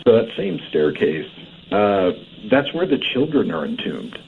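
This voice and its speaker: A low-voiced man tells a story in a rambling way, full of fillers and restarts. He sounds tinny, as if over a phone line, with a faint hiss. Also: big pitch swings, measured pace. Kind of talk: storytelling in casual chat.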